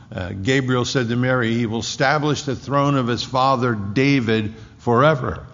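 A man's voice: medium pitch, normal speed, few pauses, a bit bright. A man preaching a sermon in a church, emphatic and repeating key words for weight. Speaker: pastor. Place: church sanctuary. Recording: dull lo-fi recording in a reverberant hall.

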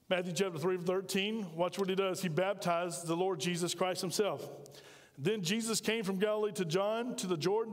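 Folksy and emphatic, a pastor delivers a sermon in a high, ringing voice, throwing questions out to his congregation. The long reverb of the church sanctuary swallows the ends of his words.

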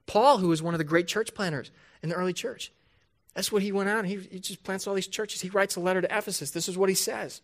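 A man's voice: sits high, fairly even intonation. Man preaching an emphatic, conversational sermon. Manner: conversational preaching with rhetorical questions; emphatic, slows down to stress key points. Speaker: pastor.

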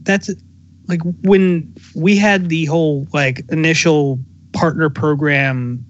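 A man, a streamer, chatting casually in a relaxed, hesitant way with lots of fillers. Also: on the high side, slow, muffled recording, slight background noise. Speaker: streamer and co-host. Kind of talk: casual chat.

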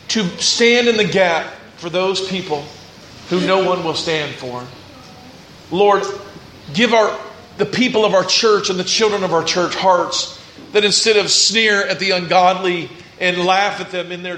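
A man's voice: sits high, measured pace, fairly bright tone, a little hiss or hum. A man preaching a sermon as pastor, earnest, with rising and falling intensity. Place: church sanctuary. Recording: echoey church room.

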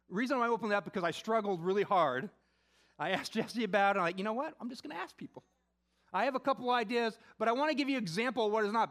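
A middle-aged man preaching a conversational sermon, telling a personal story with animated asides. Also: high-pitched. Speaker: pastor.

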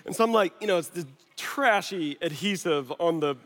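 A man in his thirties, a pastor preaching a sermon through an animated personal story full of quick asides. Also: high voice. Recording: long hall reverb.

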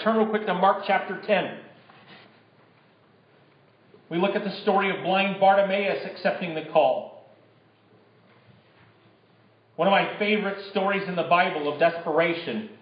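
A man's voice: high-pitched, normal speed, echoey room, highs cut off. A man preaching a sermon as pastor in a church sanctuary, talking conversationally and then building to emphatic bursts.

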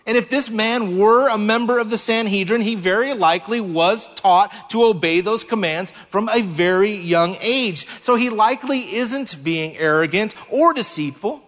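A man preaching a sermon in a measured way, slowing down to stress key words. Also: high-pitched, fairly bright tone. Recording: long hall reverb.

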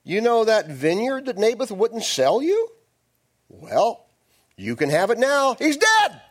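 A man's voice: very high-pitched, wildly swooping pitch, voice pushed up, exaggerated voice. Jezebel, a man putting on a commanding queen. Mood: gloating. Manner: demanding, brisk. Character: scheming, commanding queen, adult woman.

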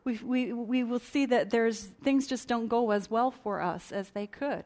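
A woman with a fairly high voice speaks from a conference stage, teaching in an earnest, chatty way. She restarts her sentences often and drifts into friendly asides to the audience. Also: measured pace, a little mellow. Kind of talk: conversational teaching talk.

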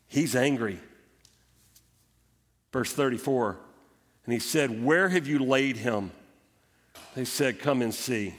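A man preaches with a mid-pitched voice in a church sanctuary, and the sound carries a long, echoing reverb off the walls. He retells scripture in lively storytelling, swinging between emphatic, raised passages and hushed, low ones. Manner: animated storytelling preaching, voicing Bible characters. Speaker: pastor. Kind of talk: sermon.

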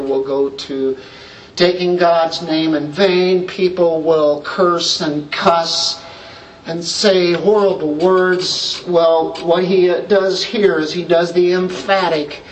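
A man's voice: sits high, recorded from a distance, muffled recording, a little hiss or hum. A man preaching an expository sermon as pastor, plain-spoken and emphatic, asking rhetorical questions.

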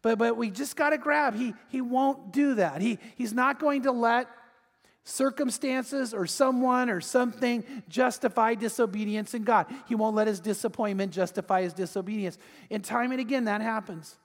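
A high-voiced man preaching to his congregation, his words ringing out in a reverberant hall. He tells the story with animated, lively delivery, often slipping into the voices of the people he quotes. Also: moderate pace. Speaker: pastor. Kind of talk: sermon.

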